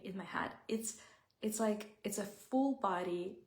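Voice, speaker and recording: Woman, mid-range pitch, gravelly fry, heartfelt and searching for words, in a roomy echoey space. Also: a little slow. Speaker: self-help speaker. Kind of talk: reflective personal talk.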